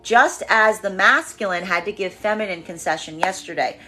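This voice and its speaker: A woman reads tarot cards for a general audience, her voice bright and forward. She talks emphatically, circling back over her own phrases. Faint music plays underneath. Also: mid-range voice, moderate pace. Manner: emphatic, repeats phrases, acts out quoted voices. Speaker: tarot reader. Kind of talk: collective tarot reading.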